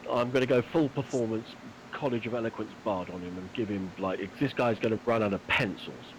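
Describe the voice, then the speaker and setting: A man's voice: lowish voice, brisk, background noise. Earnest man pleading in character. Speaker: player. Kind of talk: in-character tabletop role-play.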